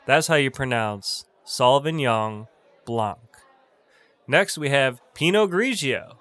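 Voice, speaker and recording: A young adult man teaching a bartending lesson, slowly and deliberately over-enunciating each name and repeating it. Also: mid-range voice, animated, a bit bright, no echo. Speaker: bartending instructor. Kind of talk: tutorial, pronunciation drill.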